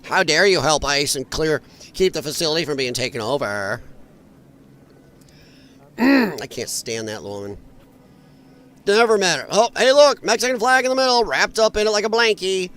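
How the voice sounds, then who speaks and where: A man's voice: a little high, lively intonation, normal speed, pauses often, a bit bright. A man hosting a live stream, commenting on protest footage in a blunt, mocking and profane way, rambling with frequent restarts. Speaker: livestream commentator.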